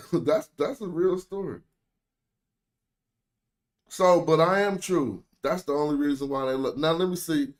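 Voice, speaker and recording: This young American streamer hosts with a loose, slangy, joking style and an African American English accent. His pitch runs fairly high, and he speaks a little slowly with frequent pauses.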